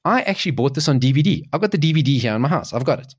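A man in his forties co-hosts a casual podcast, telling stories with excitable energy. His pitch swings widely and he often restarts mid-sentence. The sound is dry and close. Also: rapid-fire, breathy edge, dry recording. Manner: animated storyteller, jumps in pitch, restarts often. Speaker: podcast co-host. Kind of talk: casual chat.

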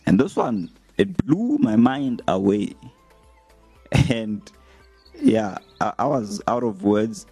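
Gravelly young man telling a story, laughing. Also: on the low side, slow, pauses often, dry recording, soft background music. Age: young adult. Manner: animated, laughing, quotes comments in a raised voice. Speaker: vlogger. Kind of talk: casual storytelling to camera.

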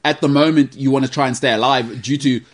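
A man's voice: mid-range voice, fast talker. Male podcast host, teasing, casual banter. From South Africa. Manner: teasing, joking, animated.

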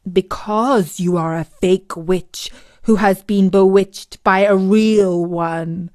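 Woman voicing a deep scary talking mask. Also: steady tone, darkish tone, no echo, studio quality, natural voice. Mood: menacing. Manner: slow, ominous.

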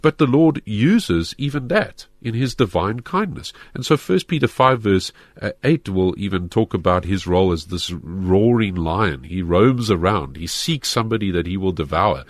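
Man, pastor, very deep voice, lively earnest delivery, dry close mic. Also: normal speed, few pauses, no room sound. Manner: earnest, animated explaining. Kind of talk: Christian talk show discussion.

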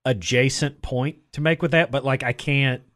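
A man's voice: mid-range voice, fairly even intonation, moderate pace, a bit bright. A man co-hosting a casual chat about films, rambling with lots of fillers and restarts.

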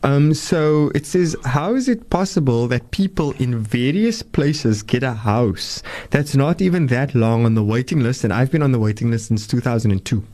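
A man's voice: medium pitch, animated, normal speed, hardly any pauses, dark tone. A man hosting a South African radio phone-in, chatting casually and reading out listener messages. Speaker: radio talk show host.

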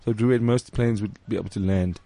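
A man's voice: lowish voice, steady tone, brisk, dark tone. A man with a South African accent hosting a podcast, joking around and quizzing his co-hosts in casual chat. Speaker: podcast host.

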